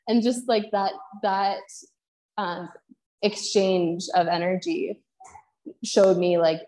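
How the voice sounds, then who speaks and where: A woman's voice: mid-range voice, slow pace, long pauses. Young woman, from Canada, podcast guest, candid, heartfelt storytelling. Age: young adult. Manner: heartfelt, quotes herself and others in lively re-enactments.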